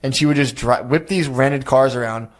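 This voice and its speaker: A man's voice: medium pitch, normal speed. A man on a podcast telling a crude story in a loose, rambling way, calling everyone "dude" as he goes. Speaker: podcast guest. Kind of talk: casual storytelling chat.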